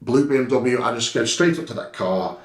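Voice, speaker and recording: A man's voice: medium pitch, animated, fairly quick. A man walks through security footage in a blunt, heated tone, swearing without a second thought. His voice sits in the middle of the male range. The recording has a roomy echo around it. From England. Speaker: guest recounting an incident. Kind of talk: casual storytelling over CCTV footage.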